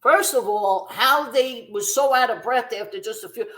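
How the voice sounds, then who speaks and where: A woman's voice: fairly high pitch, normal speed, fairly bright tone, rough recording. A woman in her fifties, a former b-girl dancer, telling her story bluntly and emphatically as an interview guest, with free swearing.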